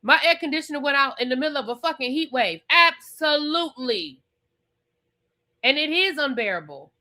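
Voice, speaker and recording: Brief: woman TV reviewer, casual recap, emphatic and repetitive, swears, fairly high, bright voice. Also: lively intonation, normal speed. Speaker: TV review vlogger.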